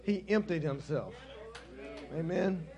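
A man preaching a sermon in an emphatic, repetitive call-and-response style, building in intensity and then softening. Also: on the high side, lively intonation, takes it slowly, crowd noise.

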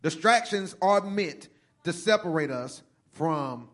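A man delivers a sermon in a voice pitched a little higher than most men's. He reads scripture in a slow, measured way, then preaches with a rising, fervent cadence. He leans on repeated phrases for emphasis. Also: lively intonation.

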